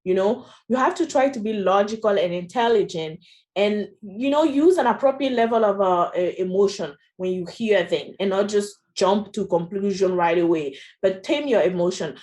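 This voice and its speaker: A woman's voice: mid-range voice, moderate pace, darkish tone. A woman with a French accent presenting a training session in a chatty way, often adding "you know" and "right?". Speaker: workshop presenter.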